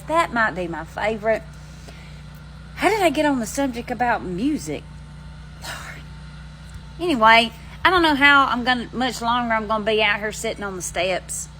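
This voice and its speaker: Sitting out on her front steps, this Alabama woman talks casually to her phone camera in folksy country slang. Her mid-range voice sounds bright and forceful, and the rough recording picks up slight background noise.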